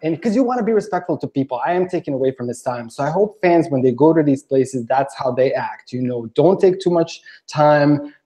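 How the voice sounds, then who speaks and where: Guy rambling through a story, lots of you know, kinda high voice but mellow. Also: animated, brisk, few pauses. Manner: rambling, many "you know" fillers, acts out quotes. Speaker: podcast guest. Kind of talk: casual storytelling chat.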